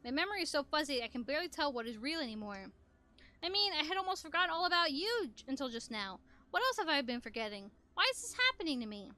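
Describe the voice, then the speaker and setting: Stiff young robot, formal wording, high bright tone, read by a woman. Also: big pitch swings, fast, heavily acted. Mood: anxious.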